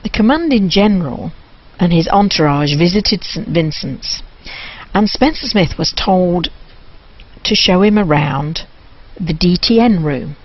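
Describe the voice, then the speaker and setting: A woman telling a local history story and reading passages aloud from a book, with a gentle, amused manner. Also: lowish voice, lively intonation, unhurried, husky. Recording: muffled lo-fi radio recording.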